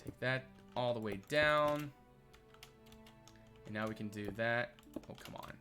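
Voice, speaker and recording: A man's voice: mid-range voice, unhurried, sharp tone, soft background music. A man streaming live, thinking aloud as he builds and chatting back to his viewers in a rambling, casual way. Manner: rambling, thinks aloud, reads and answers chat.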